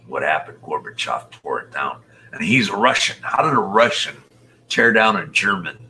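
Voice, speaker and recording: A man in his sixties hosts a loose live chat with viewers, rambling from one thought to the next. His voice is very deep yet has a sharp, bright edge, and he talks slowly, often sinking into muttered, half-whispered asides. A faint hum sits under the audio. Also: big pitch swings. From Utah, USA. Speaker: show host reading viewer chat. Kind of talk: casual livestream chat.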